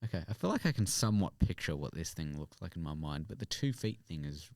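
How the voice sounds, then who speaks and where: An Australian man hosts a casual podcast chat in a very low voice with a lively, swinging pitch. He jokes and swears freely, recorded close and dry. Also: fast, no echo. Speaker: podcast host.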